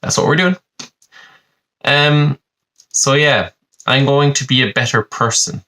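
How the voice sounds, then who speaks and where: A man's voice: medium pitch, unhurried, pushed and bright. A young man, hosting a podcast in a rambling, sweary and self-mocking comic monologue. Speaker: podcast host.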